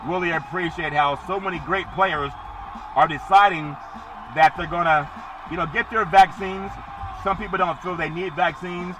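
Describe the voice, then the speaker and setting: High-voiced man hosting a sports podcast. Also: fairly even intonation, normal speed, noisy background. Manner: rambling, jokey, sing-song asides. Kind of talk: solo sports podcast monologue.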